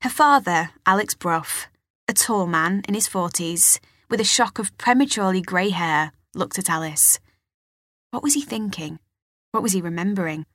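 A woman narrating an audiobook in measured, expressive storytelling. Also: fairly low pitch, dry recording, clean studio sound. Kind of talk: scripted narration.

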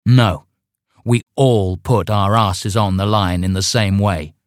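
A man's voice: lowish voice, steady tone, slow, no room sound, studio quality. A man playing a pompous young sect leader. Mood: ranting. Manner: grandiose, ranting.

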